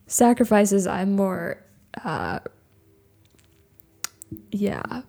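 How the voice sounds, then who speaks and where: A woman's voice: mid-range voice, expressive, very slow, vocal fry, warm tone. A woman co-hosting a casual faith chat, talking freely with many filler words and frequent laughter. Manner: chatty, laughs often, many filler likes.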